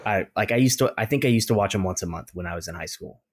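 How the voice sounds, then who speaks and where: A young man with a lowish voice talks casually on a podcast, close to a dry mic. He muses like a film buff, circling back and restarting his thoughts as he goes. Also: quick pace, breathy edge, no echo. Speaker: podcast co-host. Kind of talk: casual chat.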